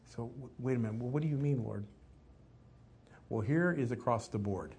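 A man preaching a sermon, reading scripture aloud and asking the listeners questions, swinging from loud emphasis to hushed asides. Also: medium pitch, normal speed, slight background noise. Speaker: pastor.

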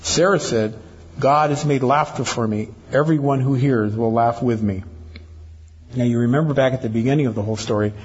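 Husky older man preaching. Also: mid-range voice, fairly quick. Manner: teasing asides to the congregation. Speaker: pastor. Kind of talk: sermon. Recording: dull lo-fi church recording.

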